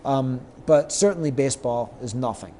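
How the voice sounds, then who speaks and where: A middle-aged man, a guest on an interview show, telling anecdotes lively and acting out the lines of the people in them. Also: medium pitch, moderate pace, slight background noise. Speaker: guest, sports marketer. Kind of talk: storytelling in a podcast interview.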